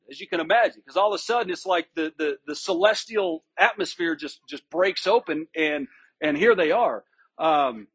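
A pastor preaches an expository sermon in a high, slightly husky and somewhat bright voice. His delivery is conversational and emphatic, leaning on key words. He often restarts a phrase before completing it and checks in with his listeners.

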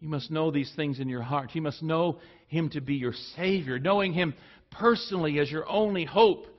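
A man preaching a sermon in an earnest way, rising for emphasis and then dropping low and soft. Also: moderate pace, highs cut off.

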